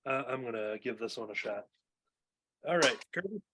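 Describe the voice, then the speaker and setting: A man's voice: mid-range voice, expressive, moderate pace, pushed and bright, a little hiss or hum. A man hosting a comic book podcast, chatting loosely and reading previews aloud with many fillers. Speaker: podcast host. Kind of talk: casual podcast chat. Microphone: home recording mic.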